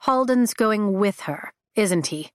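A woman voicing a sarcastic, sharp-eyed young male noble rider in a storybook reading, teasing and wry. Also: medium pitch, animated, slow pace, dry recording, studio quality, pitched above the performer's own voice. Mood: probing.

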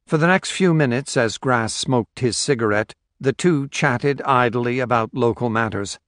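A man reading a story aloud as audiobook narrator in a steady, measured way. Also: medium pitch, no room sound, clean studio sound. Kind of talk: scripted narration.

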